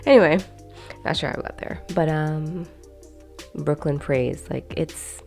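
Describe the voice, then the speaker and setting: A woman's voice: low voice, moderate pace, darkish tone, faint music behind. A young woman hosting her own video, chatting casually to camera and rambling with lots of fillers and asides. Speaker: video host.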